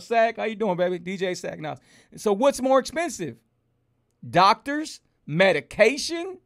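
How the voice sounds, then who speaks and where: A man hosting a casual livestream, animated and preachy, hammering home rhetorical questions to his viewers. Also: high-pitched. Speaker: host of a health livestream.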